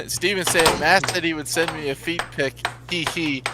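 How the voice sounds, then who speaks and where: A man with an American accent co-hosting an air hockey stream, reading viewer chat messages and giving shout-outs. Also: on the high side, steady tone, normal speed, heavy background noise.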